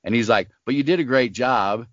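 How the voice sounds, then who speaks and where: A man's voice: medium pitch, a little fast, no room sound, lo-fi sound. An older man, a voice actor and smoker, telling stories in an interview and acting out the people in them. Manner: animated storyteller acting out quoted voices. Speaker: voice actor guest. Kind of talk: casual storytelling interview.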